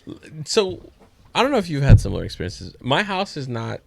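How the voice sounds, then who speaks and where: A man's voice: medium pitch, sing-song, fairly quick, creaky, darkish tone, slight background noise. A man co-hosting a podcast, telling a casual story with laid-back swearing.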